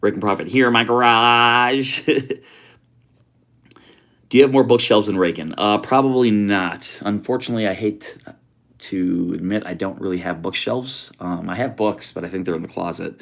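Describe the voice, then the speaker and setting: Low-voiced laid-back livestream host. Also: male voice, normal speed, creaky, a bit bright. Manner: laid-back, greets viewers with slang like homie and brother. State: a bit out of breath. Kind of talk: casual livestream chat. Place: home office.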